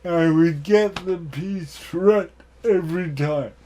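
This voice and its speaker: A man giving a keynote talk, telling personal stories in a deliberate way with self-deprecating humor. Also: on the high side, warm tone, slight background noise. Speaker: keynote speaker.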